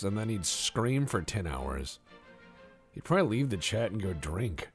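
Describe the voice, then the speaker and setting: A low-pitched man talks through a strategy game on a live stream, his voice rising and falling a lot as he jokes and rambles. Faint music plays under his casual commentary. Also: expressive, fairly quick. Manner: playful, rambling, jokey asides.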